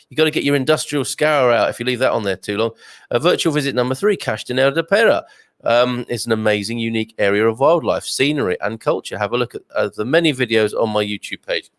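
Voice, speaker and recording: A man's voice: mid-range voice, dry recording. A man hosting a casual livestream from home, reading out viewer comments in a chatty, jokey way with plenty of ums and uhs. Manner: chatty and jokey, many fillers. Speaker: livestream host. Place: home with a wood stove.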